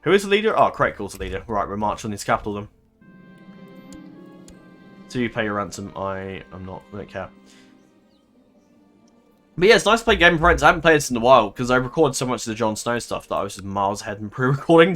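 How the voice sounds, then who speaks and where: Bright-voiced man rambling over gameplay. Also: lowish voice, expressive, a little fast, soft background music. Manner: rambling, thinks aloud, swears and laughs easily. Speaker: gaming commentator. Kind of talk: casual let's-play commentary.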